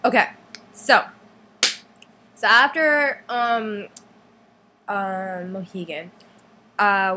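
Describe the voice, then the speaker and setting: A teenage girl casually telling a long story to her camera, full of "like" and acted-out quotes in a higher voice. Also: fairly bright tone, a little hiss or hum. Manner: chatty, lots of "like", acts out quotes in higher voice. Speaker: fan vlogger.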